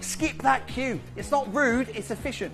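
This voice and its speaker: Urgent shopping channel host. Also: male voice, very high-pitched, a little slow, vocal fry, music in the background. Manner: urgent, chatty, pushes viewers to buy. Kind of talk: live TV sales pitch. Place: TV studio.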